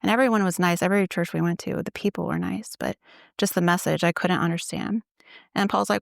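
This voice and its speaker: Low, gravelly woman telling her faith story. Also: steady tone, brisk, dry recording, clean studio sound. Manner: conversational, retelling with quoted inner thoughts. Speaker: church ministry assistant, interview guest. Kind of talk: casual faith-story interview.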